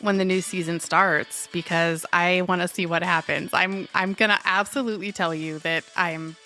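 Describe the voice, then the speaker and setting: A woman's voice: lowish voice, steady tone, moderate pace, pushed and bright, soft background music. A woman co-hosting a podcast in casual chat, emphatic and laughing often. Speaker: podcast co-host.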